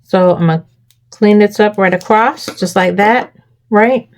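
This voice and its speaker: A woman's voice: mid-range voice, unhurried. A woman hosting a crafting tutorial, walking viewers through each step and checking in with them often.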